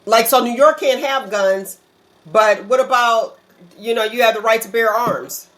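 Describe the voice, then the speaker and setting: A woman hosting a casual interview, asking quick conversational follow-up questions. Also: a little high, a bit bright, low-quality recording. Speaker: talk show host.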